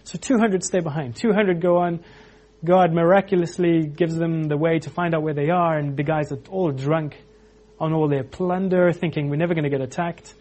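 A man preaching an informal sermon, animated, acting out quotes with frequent restarts. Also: on the high side, normal speed, few pauses.

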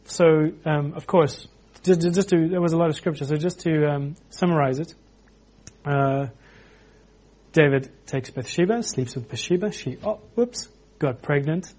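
A man preaching an informal sermon, animated, acting out quotes with frequent restarts. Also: fairly high pitch, a little slow.

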